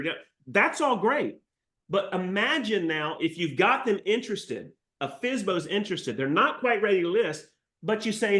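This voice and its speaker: A man giving an energetic, joking live training session to real estate agents. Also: on the high side, moderate pace. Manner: energetic, jokey, salesy pep talk.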